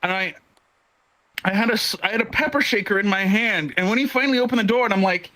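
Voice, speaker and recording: A man's voice: sits high, fast talker, bright, forceful tone, rough recording. A man in his twenties telling a profane stand-up story, with lots of stammered restarts. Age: 20s. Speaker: stand-up comedian. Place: online virtual comedy show.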